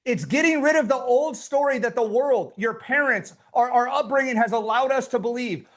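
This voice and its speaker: Very high-voiced, fired-up male coach. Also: normal speed, few pauses, a bit bright. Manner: fired-up and pushy, with casual swearing. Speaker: business coach running a workshop. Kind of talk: live online motivational workshop.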